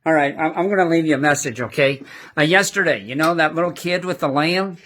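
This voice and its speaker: Man acting as an eager young disciple, rambling voicemail, bright voice, chuckling, church skit. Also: on the high side, fairly quick, lightly acted. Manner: animated, rambling, chuckling storyteller. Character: excitable young male disciple leaving a chatty voicemail. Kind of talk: amateur church skit monologue.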